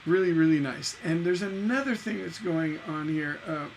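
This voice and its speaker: A man's voice: fairly high pitch, moderate pace, a little hiss or hum, low-quality recording. A man giving a casual songwriting lesson on a livestream, rambling and chatty, often repeating words and singing syllables to show a rhythm. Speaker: songwriting teacher.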